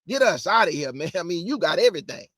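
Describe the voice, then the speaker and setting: A man teaching the Bible online preaches fast and with emphasis, conversational in manner and prone to repeating himself. The pitch is high for a male, sing-song and fairly bright, captured dry on a close microphone.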